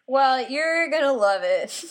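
A woman with a high voice co-hosts a podcast, chatting casually and taking her time. She's an animated storyteller who laughs often as she shares her tales.

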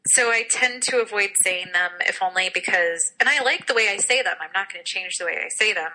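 A woman chatting casually as a podcast co-host. Her voice is very bright and sharp. She talks freely, laughs often and pokes fun at herself. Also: medium pitch, brisk, rough recording. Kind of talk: casual chat.

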